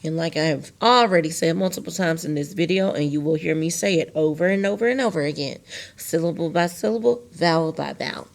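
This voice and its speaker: A woman teacher giving a recorded virtual phonics lesson, patient and repetitive, slowly drawing out words for her students. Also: low-pitched, creaky. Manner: patient, repeats key phrases and stretches words out for students.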